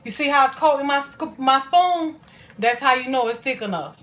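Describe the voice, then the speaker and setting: A woman's voice: high-pitched, expressive, moderate pace, fairly bright tone. A woman chatting folksily while cooking on a live stream, calling her viewers child and honey. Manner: folksy and chatty, full of endearments.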